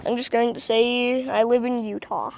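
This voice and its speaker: A woman's voice: a little high, fairly even intonation, normal speed, vocal fry, darkish tone, a little hiss or hum. A woman vlogging casually outdoors on a street into a phone, rambling and hesitant with many ums. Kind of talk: casual vlog.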